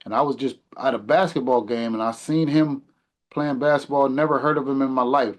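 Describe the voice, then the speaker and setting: A man in his forties, a podcast guest and community mentor, talking earnestly and reflectively in a casual conversation, often trailing off quieter. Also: mid-range voice, steady tone, a little fast. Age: 40s.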